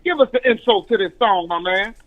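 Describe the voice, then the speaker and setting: A man's voice: high voice, expressive, a little fast, narrow, tinny audio. A man hosting a radio show, chatting in a laid-back, slangy way. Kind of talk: casual radio chat.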